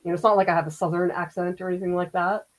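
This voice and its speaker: A woman's voice: on the low side, fairly even intonation, very fast, poor audio. A middle-aged woman from the Boston area who teaches art, chatting casually and laughing as she paints during a live demo. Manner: chatty, laughs often, muses aloud while painting.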